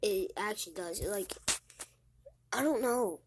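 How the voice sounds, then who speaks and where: A teenage girl talking casually and sadly to the camera, close to tears, halting and repeating her words as she rambles. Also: mid-range voice, expressive, background noise. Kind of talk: casual vlog monologue.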